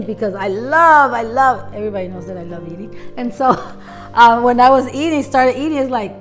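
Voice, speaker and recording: A middle-aged woman, a mother of three, speaking in casual reflective chat, softly and haltingly, repeating words as she searches for them. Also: fairly high pitch, lively intonation, soft background music. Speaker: guest, wife and mother of three.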